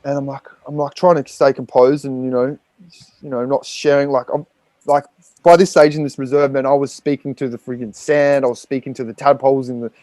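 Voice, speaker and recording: A man's voice: mid-range voice, fairly even intonation, a little fast, a little mellow, no echo. An Australian man, a podcast guest, telling a raw personal story with frequent swearing and rambling fillers.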